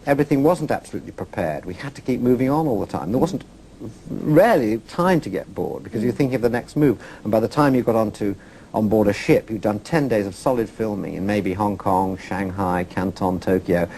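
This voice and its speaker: A man's voice: on the low side, animated, a little fast, dark tone, a little hiss or hum. An older man from England, a guest telling travel stories in a chatty, self-mocking way. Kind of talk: casual interview chat.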